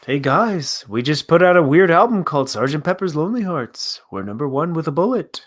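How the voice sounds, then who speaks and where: A man's voice: a little high, big pitch swings, fairly quick. A man voicing a cheeky young British rock star in a put-on British accent, boastful and jokey.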